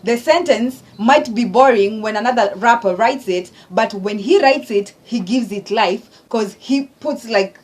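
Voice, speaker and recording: A woman's voice: on the high side, a little slow, few pauses. A woman hosting a reaction video who breaks down rap lyrics line by line in casual, profane, emphatic chat.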